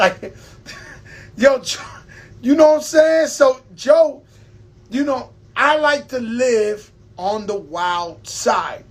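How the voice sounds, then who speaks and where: High-voiced man telling stories casually. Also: breathy edge. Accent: New York. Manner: loose storytelling with profanity and laughs. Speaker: host. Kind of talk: casual live-stream talk.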